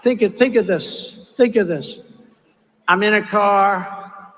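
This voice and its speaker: A man's voice: high voice, measured pace, long pauses, fairly bright tone. An older man giving a rambling, repetitive, mocking campaign speech at a large rally. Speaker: political candidate. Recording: long echo of a big rally hall.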